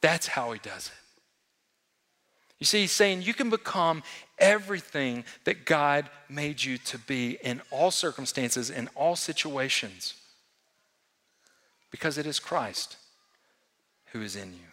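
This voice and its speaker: A man preaching a sermon to a congregation, swinging between loud emphatic lines and hushed ones and asking the room questions. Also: fairly high pitch, animated, measured pace, pauses often. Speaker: pastor. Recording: long hall reverb.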